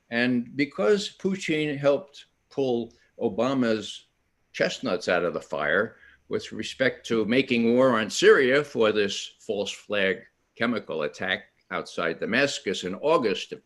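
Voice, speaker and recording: An older man speaks at an online panel in an animated storytelling manner. His pitch swings widely while he acts out quotes. He often breaks off and restarts his sentences. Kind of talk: storytelling talk at an online event.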